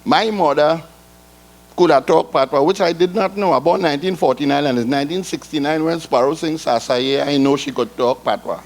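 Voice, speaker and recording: An older man with a thick Trinidadian accent performs stand-up on a ballroom stage. He tells rambling, folksy stories in island dialect, in a voice pitched a little high for a man. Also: brisk. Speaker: calypso comedian. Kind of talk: live stand-up storytelling. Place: ballroom stage before a live audience.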